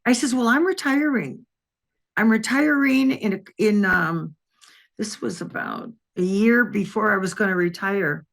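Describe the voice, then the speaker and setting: A woman's voice: medium pitch, measured pace. An older woman from Wisconsin, a retired detective, telling a long personal story in an interview and acting out the voices of the people in it. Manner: lively anecdotal telling, acts out quoted voices.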